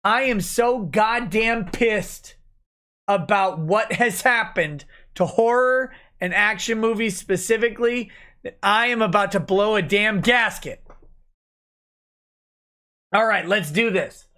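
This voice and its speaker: Slow-talking drunk man ranting. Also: high-pitched, pushed and bright. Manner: angry, profane ranting. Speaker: livestream host. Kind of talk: late-night livestream rant.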